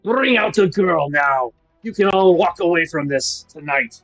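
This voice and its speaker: A man voicing a menacing male vampire who makes slow, commanding demands in a tabletop game. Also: a little high, lively intonation, fairly bright tone, no echo, soft background music, pitched above the performer's own voice, exaggerated voice, low-quality recording.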